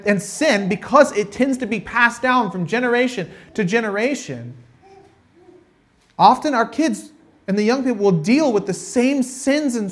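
A male pastor delivers a sermon in a loose, conversational way, breaking into little acted-out voices for the people in his story. His voice sits high for a man and swings widely in pitch. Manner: conversational, animated, acts out quotes.

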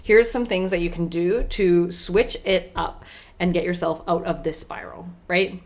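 A young adult woman hosting a podcast, talking casually and warmly about self-care, often checking in with "right?" and laughing between points. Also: on the low side, fairly even intonation, a little slow. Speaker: podcast host.

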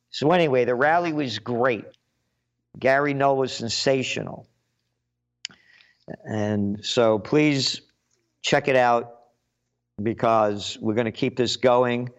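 A man's voice: medium pitch, takes it slowly, long pauses, lo-fi sound. A man hosting his own show, delivering a blunt, combative, emphatic commentary monologue. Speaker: show host.

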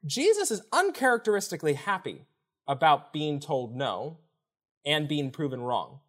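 A man's voice: fairly high pitch, moderate pace. A man who is a podcast guest and author, explaining a Bible story in conversation and acting out the speakers he quotes. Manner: animated, acts out quoted speakers while explaining.

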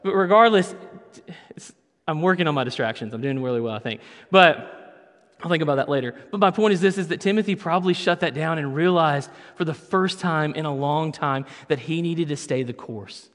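A man's voice: a little high, a little fast, a bit bright. A man preaching a sermon as pastor, conversational with playful asides. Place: church sanctuary. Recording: long reverb of a church hall.

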